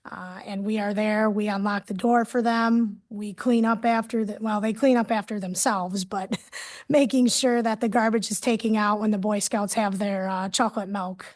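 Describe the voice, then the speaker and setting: A woman from police department staff presenting at a city committee meeting in a conversational way, often trailing off quietly. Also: medium pitch, steady tone, moderate pace.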